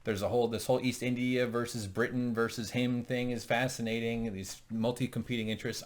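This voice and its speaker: A man's voice: on the low side, flat delivery, fast, few pauses. A man co-hosting a casual TV recap, joking, irreverent and swearing often. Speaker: podcast co-host.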